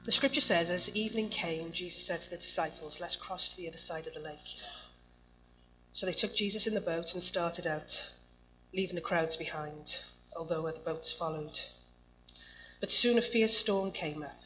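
A woman delivers a sermon in a slightly low voice, reading scripture and then talking with the congregation in a conversational way. The recording is dull and lo-fi, with a faint hum underneath. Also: normal speed, pushed and bright. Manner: conversational, asks the congregation questions. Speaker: preacher.

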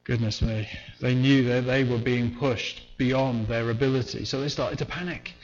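A man's voice: mid-range voice, fairly even intonation, normal speed, lo-fi sound, slight background noise. A man preaching a sermon in a conversational way, sometimes acting out the voices of the people in the story. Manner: conversational, acts out voices in retelling.

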